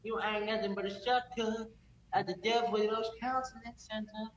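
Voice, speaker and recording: A man's voice: high voice, moderate pace, pushed and bright, echoey room, distant mic, lo-fi sound, slight background noise. A man voicing a whiny, lovelorn hillbilly man who sing-songs his woes with a mock twang. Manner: sing-song, melodramatic self-pity.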